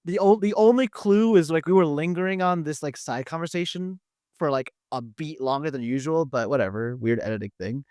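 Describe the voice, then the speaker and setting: A man's voice: on the high side, fairly quick, darkish tone, dry recording, clean studio sound. A man hosting a podcast, chatting casually and often restarting his sentences as he recaps a show. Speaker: podcast host.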